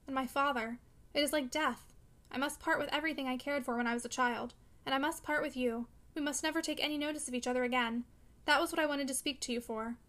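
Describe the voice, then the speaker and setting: A woman reading the part of an earnest young woman who speaks with sorrowful gentleness. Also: high-pitched. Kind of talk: audiobook character reading.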